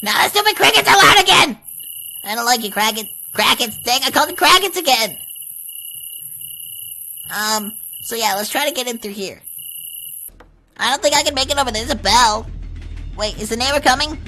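A woman's voice: on the high side, animated, moderate pace, long pauses, sharp tone, a little hiss or hum, rough recording. A young woman hosting a let's play, commenting as she explores, easily startled and shrieking when scared. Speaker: gaming channel host. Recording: faint game music behind. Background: game music.

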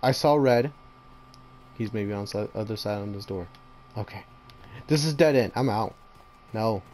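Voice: mid-range voice, measured pace, a little mellow, a little hiss or hum. Jumpy slangy horror game player. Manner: jumpy, talks to the monsters, slangy; bursts into panicked repeated screams. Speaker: gamer playing a horror game. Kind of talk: horror gameplay commentary.

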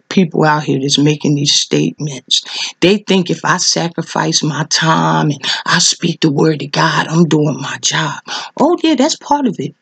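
Woman preacher, impassioned vlog sermon, husky and gravelly, dry close sound, pushes her voice up high on repeated questions. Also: dry recording. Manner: fervent, repeats rhetorical questions, voice leaps high with emotion.

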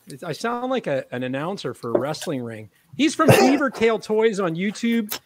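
A man's voice: high-pitched, big pitch swings, moderate pace, few pauses. Joking, self-mocking male podcast host. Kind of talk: casual chat.

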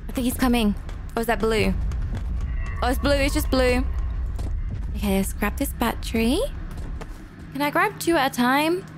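A woman's voice: a little high, normal speed, pauses often, music in the background. A woman hosting a gameplay channel, commenting as she plays and gasping often, easily frightened. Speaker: gaming channel host. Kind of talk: let's play gameplay commentary.

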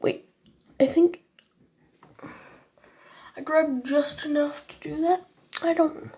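A woman talks through her Minecraft session in a high, mellow voice, unhurried and chatty. Her voice is slightly husky and sniffly from a recent cold. She keeps apologizing to her viewers and speaks in a vague put-on foreign accent. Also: steady tone. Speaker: gaming channel host. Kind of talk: casual Minecraft gameplay commentary.

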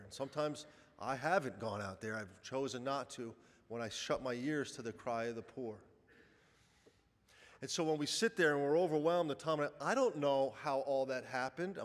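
A man who runs a charity, giving an earnest, conversational appeal to a congregation during Mass. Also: medium pitch. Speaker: charity director speaking at Mass. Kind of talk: heartfelt appeal from the pulpit. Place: large church. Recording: echoey church hall.

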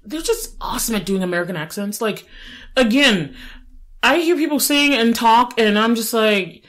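A woman in her late twenties, co-hosting a podcast in casual chat, animated, with playful asides and frequent laughter. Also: on the high side, moderate pace. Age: 20s. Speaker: podcast co-host.

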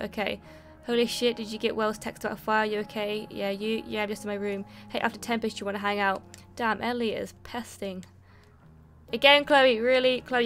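A young woman playing a video game and chatting as she goes, reacting and reading text aloud. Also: mid-range voice. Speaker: gaming YouTuber. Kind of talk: let's play commentary.

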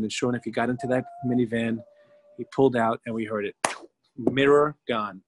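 A middle-aged man, a rabbi, teaching a religious class as a lively storyteller who acts out the people in his tale. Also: medium pitch, fairly quick, a little hiss or hum.

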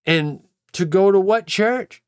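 A man's voice: high voice, slow pace, smooth, no echo, studio quality. A man, a pastor, telling his own story in a conversational way, repeating words and acting out what people said to him. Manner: conversational, repeats words, acts out quoted dialogue. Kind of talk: personal testimony storytelling.

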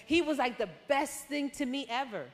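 A woman from Panama shares her life story as a conference speaker, chatty and lively, breaking into sudden excited outbursts. Her voice sits a little high. It rings with the long reverb of a large church hall. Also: moderate pace. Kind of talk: testimony talk.

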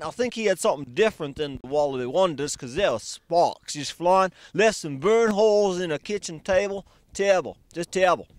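A man's voice: sits high, dry recording. A man giving jokey running commentary on a science demonstration outdoors at night, with rambling, punning, chuckling asides. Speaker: demonstrator in a science gag video.

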